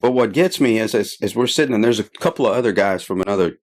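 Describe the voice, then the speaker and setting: Deep-voiced middle-aged man telling stories. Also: animated, fast. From Middle East. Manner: chatty, laughs often, trails off in fillers. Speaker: podcast guest. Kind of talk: casual storytelling.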